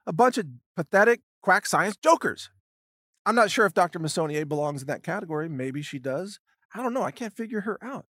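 A man's voice: high voice, expressive, brisk, a bit bright, no echo, studio quality. A man hosting a solo commentary monologue, talking in an indignant, sarcastic way and acting out mocking imagined exchanges. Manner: indignant, sarcastic, acts out mocking hypothetical dialogues. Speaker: commentary podcast host.

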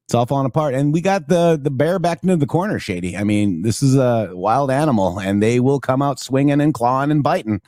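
A man's voice: mid-range voice, a little fast, few pauses, a little mellow, dry recording, clean studio sound. A man co-hosting a live talk show, chatting casually and loosely, reading out viewer comments as he goes. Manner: loose, rambling, reads viewer comments aloud.

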